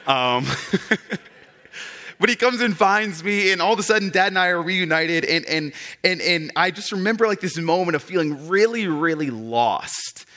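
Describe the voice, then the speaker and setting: A male pastor preaching a sermon in a casual, animated storytelling style, full of "like" and restarts. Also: high-pitched, normal speed. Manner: conversational and animated, with many fillers.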